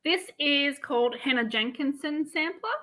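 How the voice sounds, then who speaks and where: A woman's voice: high-pitched, normal speed, pushed and bright, low-quality recording. A woman, chatting casually as co-host and laughing easily. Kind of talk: casual chat.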